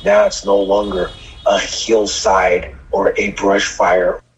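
A man's voice: fairly low pitch, very animated, slow, a little hiss or hum. An older man, a longtime firefighter, recounting events in an interview with vivid, emphatic storytelling. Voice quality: gravelly, husky. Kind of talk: interview recollection. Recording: dull lo-fi sound.

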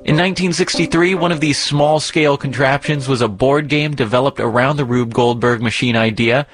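A man's voice: mid-range voice, fairly quick, music in the background. A man co-hosting a podcast, explaining in a casual, upbeat way from a script. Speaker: podcast co-host.

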